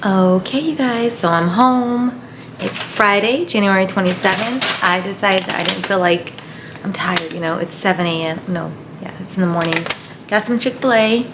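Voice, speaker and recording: A chatty young woman, a night-shift hospital nurse, vlogs casually to camera at normal speed over noise, in an echoey room with background hiss. She sounds giggly and excitable, her voice jumping high when she's moved.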